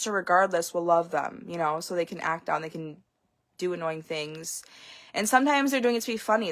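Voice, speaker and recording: A woman's voice: lowish voice, fairly bright tone. A young woman, a homeschooling parent, talking casually in a vlog and rambling frankly with lots of fillers.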